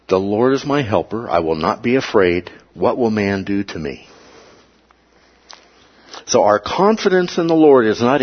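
Male Bible teacher, low husky voice, dull lo-fi recording, explains patiently and checks in often.

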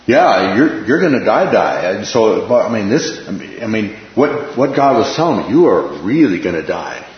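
A man with a fairly low, sing-song voice talks at a normal pace while leading an informal Bible class. He teaches conversationally, repeats phrases, and keeps checking in with "right?". The room is echoey and the sound is dull and lo-fi.

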